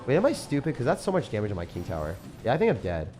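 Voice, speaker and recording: A man chatting excitedly while live-streaming a mobile game, often laughing and talking to his viewers. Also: medium pitch, rapid-fire, soft background music. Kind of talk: live-stream gameplay chat.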